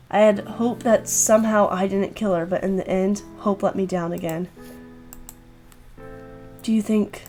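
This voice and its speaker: A woman voicing a remorseful teenage schoolgirl who has killed someone, speaking low, quiet and resigned. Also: lightly acted.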